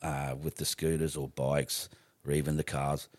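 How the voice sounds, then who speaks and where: A man's voice: very deep voice, flat delivery, moderate pace, no room sound. A middle-aged Australian man telling stories on a podcast as a guest, swearing freely and rambling with restarts. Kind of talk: casual storytelling.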